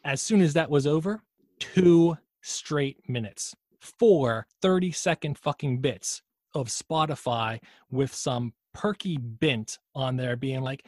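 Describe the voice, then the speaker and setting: A male podcast co-host chatting casually at a middle pitch, wandering off on tangents with plenty of swearing. His voice is close and dry, with no room sound behind it. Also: slow pace, a little mellow, no echo. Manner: rambling, profane, admits his own tangents. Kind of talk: casual chat.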